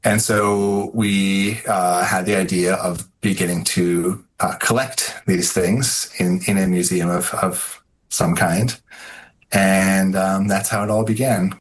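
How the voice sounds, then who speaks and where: A man's voice: low-pitched, steady tone, slow. A man speaking as a guest author in an interview, thoughtful, with many fillers and restarts. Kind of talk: casual interview answers.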